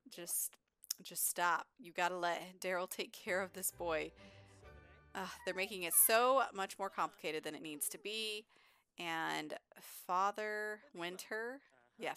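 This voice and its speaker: Woman, gameplay commentary, chatty and giggly, unhurried, smooth clear voice, dry sound. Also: on the low side, a bit bright. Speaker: gaming YouTuber.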